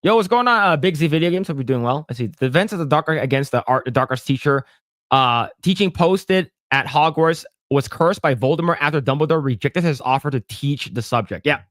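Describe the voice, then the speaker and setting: Man co-host, slightly high voice, playful, stammers, dry close mic. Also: lively intonation, a little fast, a bit bright, dry recording. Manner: jokey, lots of stammered restarts, breaks into mock voices. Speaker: podcast co-host. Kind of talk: casual chat reading comments.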